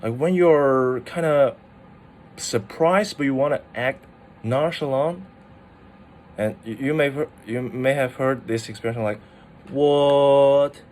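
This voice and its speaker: Guy teaching tones, slow and chatty, lots of "like", faint hiss behind. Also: medium pitch. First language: Mandarin Chinese. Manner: chatty, full of "like" fillers and restarts. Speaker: language teacher. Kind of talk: casual explainer video.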